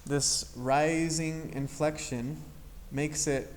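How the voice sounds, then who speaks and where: A man's voice: on the high side, steady tone, drawn-out words, a little hiss or hum. Patient man teaching English grammar. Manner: patient, explanatory, models intonation aloud. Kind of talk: grammar lesson.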